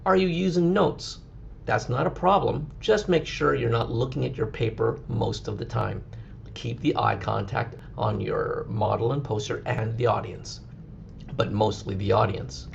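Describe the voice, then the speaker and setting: A male teacher talks a class through a lesson in a clear, instructive way. His voice has a heavy gravelly fry. The recording is a little dull and lo-fi, with a faint hiss underneath. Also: mid-range voice. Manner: clear, instructive, with occasional slow deliberate demonstrations.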